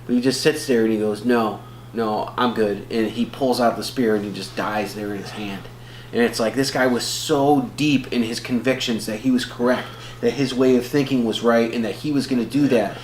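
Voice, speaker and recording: A man with a mid-range, slightly mellow voice talks fairly quickly as co-host of a casual movie review podcast. He rambles, full of fillers and restarts. The room echoes, with a faint hum underneath.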